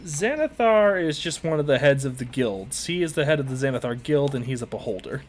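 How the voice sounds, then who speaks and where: A man narrating as game master, relaxed and halting with fillers. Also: mid-range voice, a little hiss or hum.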